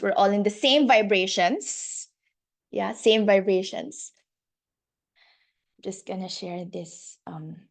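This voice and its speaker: A woman's voice: mid-range voice, darkish tone. A woman life coach hosting a workshop on a video call, effusive and gushing, laughing often and repeating her words.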